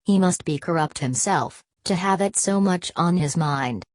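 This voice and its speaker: A woman's voice: lowish voice, measured pace, no room sound, studio quality, natural voice. A woman reading an audiobook, voicing a sly, mocking young woman.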